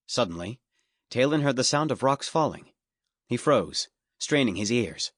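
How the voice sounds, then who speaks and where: A man narrating a fantasy audiobook in a steady, measured storytelling manner. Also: medium pitch, no echo, studio quality. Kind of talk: scripted narration. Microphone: studio microphone.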